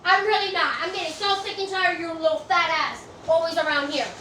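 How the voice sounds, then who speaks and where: A woman's voice: very high voice, fairly even intonation, brisk, sharp tone, echoey room, a little hiss or hum, low-quality recording. A woman streaming casually from her home, blunt, profane and ranting as she talks back to viewers. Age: adult. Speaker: TikTok live streamer. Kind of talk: casual livestream chat.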